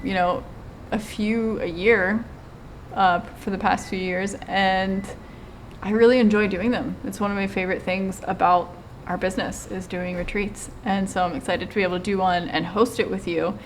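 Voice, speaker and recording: A woman's voice: mid-range voice, normal speed, a little hiss or hum. Chatty woman hosting a retreat chat. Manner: chatty, animated when quoting others. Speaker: retreat host and channel co-host. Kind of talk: casual chat. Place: lives in Hawaii.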